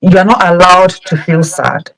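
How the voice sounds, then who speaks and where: A woman hosting a talk show, setting up questions in a thoughtful, halting way. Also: lowish voice, creaky, fairly bright tone, rough recording. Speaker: host.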